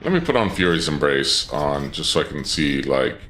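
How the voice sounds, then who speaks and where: A man's voice: very deep voice, sing-song, moderate pace, roomy sound, noisy background. A man casually commenting on a game during a live stream, thinking aloud and answering chat. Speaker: gaming streamer.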